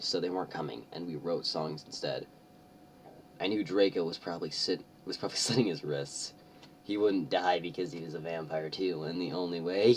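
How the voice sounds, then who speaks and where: Young man, deep voice, mocking comedic reading, sarcastic asides, distant mic, faint rumble. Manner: sarcastic, mocking, laughing often. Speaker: host.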